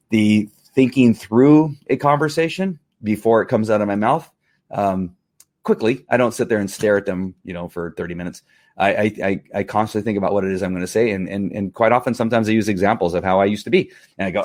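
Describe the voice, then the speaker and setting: A man's voice: fairly low pitch, dry recording, studio quality. A man in his fifties talking candidly on a casual livestream as host, rambling with many fillers and restarts. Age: 50s.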